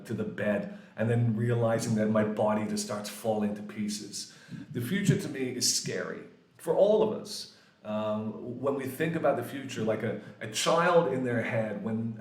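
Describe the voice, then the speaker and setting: A man in his forties teaching English grammar in a casual, lively way, swearing freely and acting out little quoted exchanges. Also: mid-range voice. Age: 40s. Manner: lively, swears often, acts out quoted voices. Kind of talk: casual classroom explanation. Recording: echoey room.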